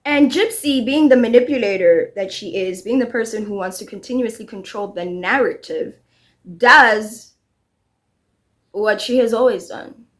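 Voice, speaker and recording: A woman's voice: a little high, measured pace. A woman giving casual, blunt and profane commentary on a video. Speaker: commentary YouTuber.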